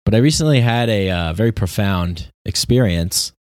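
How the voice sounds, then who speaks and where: A man's voice: lowish voice, animated, moderate pace, darkish tone, no room sound, clean studio sound. A man hosting a podcast, talking in a rambling, reflective monologue full of restarts and laughs. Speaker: podcast host. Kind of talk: casual monologue.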